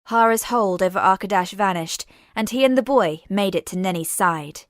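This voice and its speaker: A woman narrating a sci-fi story in a measured, dramatic reading. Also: medium pitch, dry recording, studio quality. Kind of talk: scripted audiobook narration.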